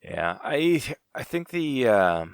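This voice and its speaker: A man's voice: mid-range voice, very animated, takes it slowly, clear, resonant tone, dry recording, studio quality. A man from Utah guesting on a podcast, telling a story in casual chat and laughing often.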